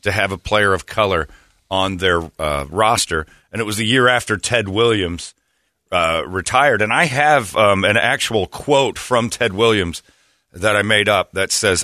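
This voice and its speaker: A man's voice: fairly low pitch, normal speed, sharp tone, no echo. A man hosting a morning radio show, ranting and mocking in casual banter. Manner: brash, mocking, ranting, slips into put-on voices. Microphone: studio microphone. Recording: dry studio sound.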